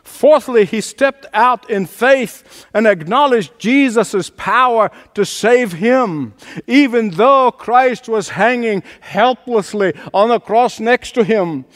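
A man's voice: high-pitched, long reverb tail. A man preaching a sermon as pastor, emphatic and repeating his phrases for force.

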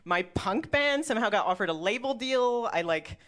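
A woman's voice: on the high side, expressive, normal speed, a bit bright. Woman in her 30s telling a funny story on stage, chatty, says like a lot, swears, giggles. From Milwaukee, Wisconsin, USA. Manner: chatty, lots of "like", swears, laughs often. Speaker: storyteller at a live event. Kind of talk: personal story told to an audience.

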